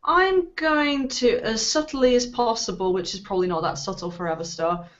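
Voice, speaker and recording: A woman's voice: fairly high pitch, moderate pace, muffled recording. A woman chatting as a player in a tabletop game, thinking aloud with fillers. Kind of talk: tabletop role-play chat.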